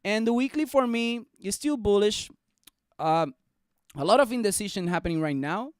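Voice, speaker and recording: Excitable young man live-streaming. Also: high voice, moderate pace, smooth, no echo, clean studio sound. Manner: excitable, jokey, talks to viewers. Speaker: stock market live streamer. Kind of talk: casual live-stream chat.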